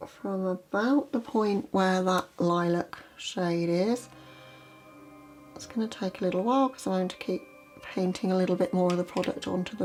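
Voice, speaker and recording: Woman, makeup tutorial narration, chatty and relaxed, mid-pitched voice, soft music behind. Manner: chatty, relaxed, explains as she works. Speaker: makeup vlogger.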